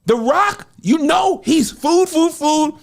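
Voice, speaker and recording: A man's voice: extremely high pitch, slow, gravelly. A man co-hosting a comedy podcast, telling stories in a loose, joking way and acting out quotes. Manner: animated storytelling, laughs a lot, acts out quotes. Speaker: podcast co-host. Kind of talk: casual comedic chat.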